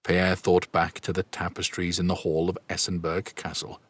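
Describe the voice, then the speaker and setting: A man narrating a fantasy audiobook in a steady, even storytelling manner. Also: sits low, moderate pace, dry recording. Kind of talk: scripted narration.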